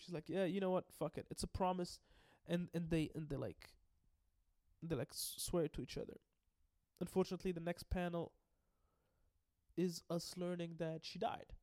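A man giving an excitable, casual recap, swearing freely and often stumbling and restarting. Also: on the high side. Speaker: anime and manga recap host.

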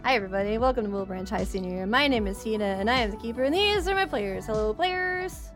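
A woman's voice: medium pitch, animated, very fast, over music. A woman hosting a tabletop game stream as its game master, chatty and stumbling over her words. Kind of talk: tabletop stream intro and announcements.

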